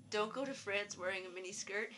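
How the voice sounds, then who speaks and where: A teenage girl talks casually to camera in a video journal. Her voice is bright and clear, and she rambles along with plenty of fillers. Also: medium pitch. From Canada. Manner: chatty and rambling, with many fillers. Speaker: vlogger.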